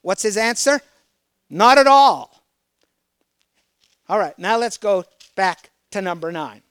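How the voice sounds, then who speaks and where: A man's voice: high voice, moderate pace, clear, resonant tone, no echo. A man preaching a sermon, reading scripture aloud and putting emphatic questions to the congregation. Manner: emphatic, rising to loud exclamations.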